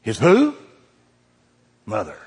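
A middle-aged man preaching a folksy sermon, swinging from loud emphasis down to hushed, quiet lines. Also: on the low side, wildly swooping pitch, slow pace, husky. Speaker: pastor. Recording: reverberant hall.

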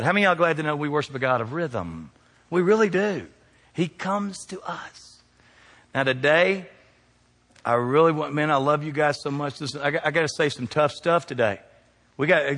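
A man preaching a sermon, calling out questions to the congregation, his voice climbing high and loud, then sinking low and quiet. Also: in a large hall. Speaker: pastor.

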